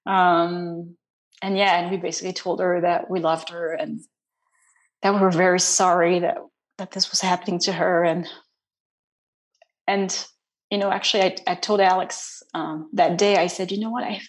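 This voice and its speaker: Soft-spoken woman, halting interview guest. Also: lowish voice, flat delivery. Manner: soft, halting, many restarts and fillers. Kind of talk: personal interview.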